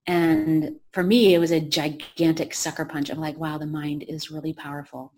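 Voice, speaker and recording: A woman author and women's health coach, a podcast guest, telling stories in a lively anecdotal way. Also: low-pitched, moderate pace. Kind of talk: storytelling in an interview.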